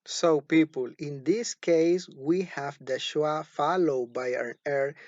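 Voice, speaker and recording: In a recorded phonology lesson, a male teacher moves very slowly and deliberately, repeating each example word two or three times. His voice is a bit higher than most men's. The audio is dull and lo-fi, dry and close with no room echo.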